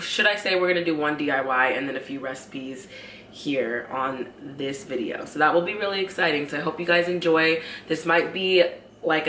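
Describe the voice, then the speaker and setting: A woman's voice: sits low, fairly bright tone, reverberant, a little hiss or hum. Bubbly, stuffy-nosed woman vlogging. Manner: bubbly, chatty, upbeat. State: stuffy, congested from a cold. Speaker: vlogger, homemaking channel host. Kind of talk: casual chat to camera. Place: at home.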